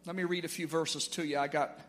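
A man's voice: a little high, steady tone, quick pace, fairly bright tone, faint music behind. A man pastor preaching a sermon in emphatic style, calling out to his congregation in a church sanctuary. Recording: long reverb of a church hall.

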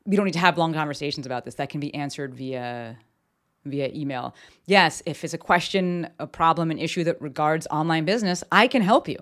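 A woman hosting her own podcast, talking candidly and bluntly in a casual solo monologue, with casual swearing and animated asides. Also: lowish voice. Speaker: podcast host.

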